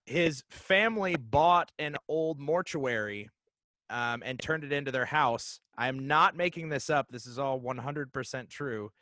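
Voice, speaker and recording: A man in his thirties tells a ghost story in casual chat, animated but halting, with lots of fillers and restarts. His voice is medium-pitched and the recording is dry.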